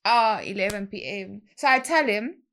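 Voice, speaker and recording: A young adult woman, telling a story in a slangy, animated way and acting out other people's lines. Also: medium pitch, moderate pace. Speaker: guest DJ. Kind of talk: casual storytelling chat.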